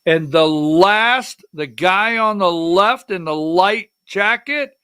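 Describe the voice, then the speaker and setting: A middle-aged man hosts a political livestream show with an unhurried delivery and a fairly high, bright voice. He rambles between stories, gets emotional, and calls out slide numbers to his producer. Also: expressive, clean tone. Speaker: political talk show host.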